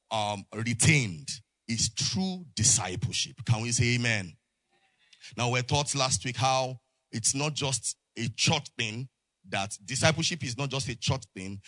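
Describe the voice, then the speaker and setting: A man preaching in church with a call-and-response style, often stopping to ask the congregation for an amen. His voice sits at a middle pitch. The sound is dry and close, with little room echo. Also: a bit bright. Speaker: pastor. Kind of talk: sermon.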